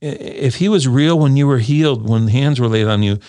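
An earnest man in a casual scripture discussion, talking in a mid-pitched voice. He often repeats his opening words and reads verses slowly and deliberately. The sound is dry and close, in a small room. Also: mellow, dry recording. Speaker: podcast co-host discussing scripture.

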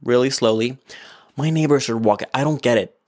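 At home in his apartment, a man hosts a solo podcast through a podcast microphone on an iPad, rambling candidly with lots of fillers and swearing. His voice is medium-pitched, fairly quick and darkish in tone.

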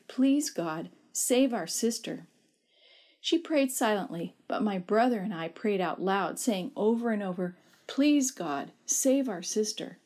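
A woman narrating a first-person story in a measured, expressive reading voice. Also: medium pitch. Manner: measured, expressive reading that lifts her voice for shouted quotes.

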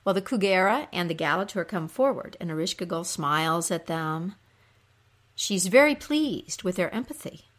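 A woman's voice: fairly low pitch, lively intonation. A woman retelling a myth in a casual, conversational storytelling style. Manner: unhurried, conversational.

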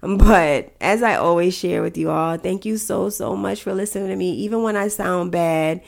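A woman hosting a solo podcast and giving advice in a fast, emphatic, chatty way. Her voice is nasal and congested because she is sick. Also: fairly low pitch, gravelly. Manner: fast, emphatic, chatty, addresses listeners as guys. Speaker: podcast host.

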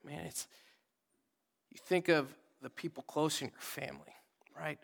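A young male pastor delivers a laid-back sermon in a slightly high voice, talking to the congregation like friends. He rises to loud readings and drops to near whispers. The sound rings with the long reverb of a church hall. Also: steady tone, measured pace, creaky. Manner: casual, conversational preaching with sudden loud readings and soft whispered asides. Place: church sanctuary.

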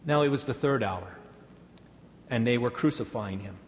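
A man's voice: medium pitch, slight background noise. Man reading scripture in a reverberant hall. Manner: measured, deliberate reading. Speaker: scripture reader.

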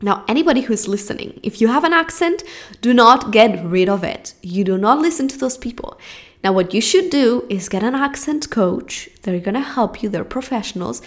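Young accented woman, solo podcast host; warm-hearted coaching tone, earnest and animated. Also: medium pitch. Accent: non-American. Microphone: podcast mic.

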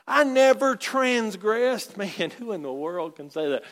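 High-voiced man preaching in a hall. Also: a little slow, few pauses. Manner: animated, conversational preaching with asides. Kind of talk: sermon. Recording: long reverb of a large hall.

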